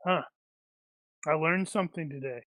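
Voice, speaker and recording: A man's voice: a little high, moderate pace, a bit bright, no echo. A man playing in a tabletop game, joking and teasing the others in casual chat. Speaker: player.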